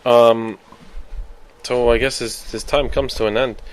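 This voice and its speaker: A man's voice: mid-range voice, level tone, a little slow, clean tone. A man hosting a casual solo sports podcast. He rambles, corrects himself often and swears when he gets worked up. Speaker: podcast host.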